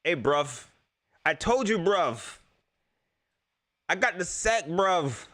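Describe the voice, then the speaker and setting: A man's voice: high voice, very animated, slow pace, a bit bright, pitched above the performer's own voice, heavily acted. A man putting on a clumsy English accent to play a trash-talking football player. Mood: teasing.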